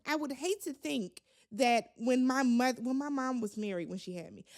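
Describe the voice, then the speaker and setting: A chatty, opinionated woman recapping a reality show for her channel in a sassy, conversational tone. Her voice sits slightly higher than average. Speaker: recap vlogger. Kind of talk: casual reality-TV recap commentary.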